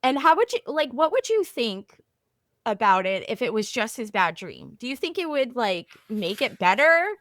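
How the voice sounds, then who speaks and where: A woman co-hosting a podcast in casual chat, playful and expressive. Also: on the high side, no room sound, studio quality. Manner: expressive and playful, quick to laugh. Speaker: podcast co-host.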